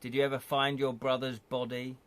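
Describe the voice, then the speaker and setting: A man's voice: medium pitch, flat delivery, fairly quick, a bit bright, smooth, natural voice. A man reading a gamebook aloud, voicing a blunt, menacing male henchman who snarls his lines.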